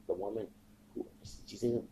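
A man's voice: lowish voice, steady tone, moderate pace, warm tone, slight background noise. A man hosting a podcast, talking in a rambling, agitated monologue full of swearing and repetition. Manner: agitated, profane, repeats himself. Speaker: podcast host. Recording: dull lo-fi recording.

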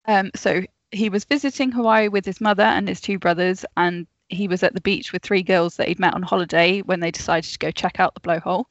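A woman's voice: lowish voice, fairly even intonation, a little fast, hardly any pauses, no echo. A woman co-hosting a casual podcast, telling a true story to friends and often breaking into giggles. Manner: giggly, easily sidetracked storyteller. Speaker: podcast co-host. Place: home, remote call. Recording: dull, dry lo-fi mic.

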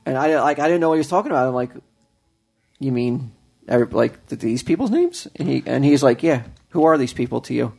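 A man's voice: medium pitch, animated, fairly quick, vocal fry, darkish tone. A man telling a long story in casual chat, with many fillers and restarts. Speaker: podcast co-host telling a story.

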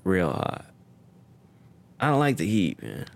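A man's voice: deep voice, huge pitch swings, takes it slowly, creaky. A man hosting a casual interview, curious and chatty, asking his guest many questions. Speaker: interview host.

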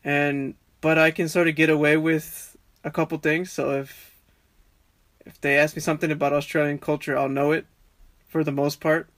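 A young man from Texas, a barber guest on a podcast, chatting in a relaxed, rambling way with many restarts. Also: on the high side, moderate pace, no room sound. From Texas, USA. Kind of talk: casual conversation.

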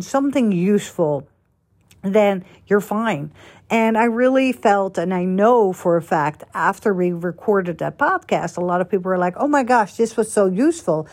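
A woman podcast host talking casually, telling stories in a chatty, animated way with quick asides. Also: medium pitch. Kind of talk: casual chat.

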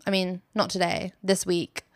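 A woman's voice: lowish voice, flat delivery, moderate pace, no room sound, clean studio sound. A young British woman hosting a casual solo podcast, telling stories in a chatty, giggly way and swearing freely. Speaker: podcast host.

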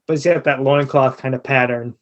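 A man's voice: mid-range voice, fairly even intonation, fairly quick, muffled recording. A man narrating as game master of a tabletop game, laid-back and chuckling, with many filler words. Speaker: tavern master.

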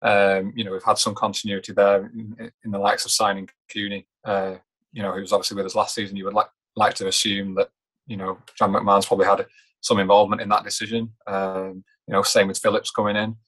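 A man with a low voice and a flat, level delivery. He talks football casually, in a measured and hesitant way, and he often pauses to gather his words. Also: breathy edge. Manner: measured, hesitant, many fillers and restarts. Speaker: podcast co-host.

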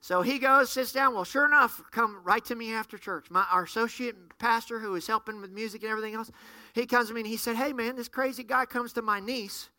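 A middle-aged man, a pastor, preaching a sermon and telling stories with lively acted-out dialogue. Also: extremely high pitch, brisk, dry recording. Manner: animated storyteller, acts out dialogue. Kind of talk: sermon storytelling.

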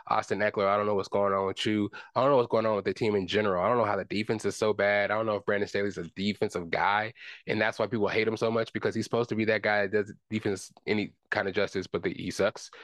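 Guy venting on his podcast, lowish voice, dry close sound, rambles and swears. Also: fairly bright tone, no echo. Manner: frustrated, rambling rant with cursing. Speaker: podcast host. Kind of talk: casual sports talk.

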